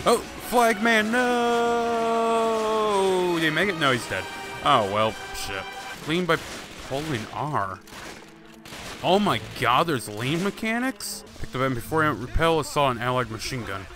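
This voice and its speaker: A man's voice: medium pitch, sing-song, moderate pace. A man giving casual, joking let's play commentary on an old war game, often swearing. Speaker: gaming YouTuber. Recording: game audio and music behind.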